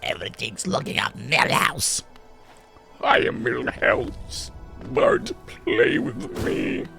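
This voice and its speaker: A man's voice: medium pitch, wildly swooping pitch, slow, gravelly, bright, forceful tone, soft background music, full character voice. A man doing an impression of a whiny, nerdy cartoon boy, nasal and drawn out.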